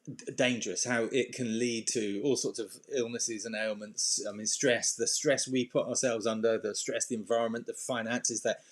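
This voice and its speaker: Brief: male coach, informal and rambling, plenty of fillers and restarts, mid-range voice, now and then a playful burst. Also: mid-range voice. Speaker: anxiety and self-esteem coach. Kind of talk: casual talk to camera with slides.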